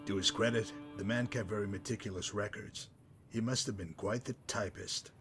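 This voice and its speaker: A man voicing a smug, sardonic male messenger-mercenary in a game, dry and mocking in manner, wordy and unhurried. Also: on the low side, fairly even intonation, a bit bright, faint music behind, close to an everyday voice. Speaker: game character. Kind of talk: voiced game dialogue.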